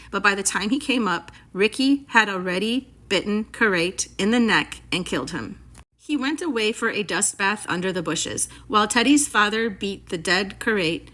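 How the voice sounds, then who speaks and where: A woman reading a classic story aloud for students in a clear, expressive, measured way. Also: mid-range voice.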